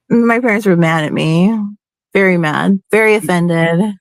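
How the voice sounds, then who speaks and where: A woman's voice: lowish voice, a little slow, smooth, dry recording. A young woman with a feminine, youthful voice, rambling and laughing often in casual chat as a stream host.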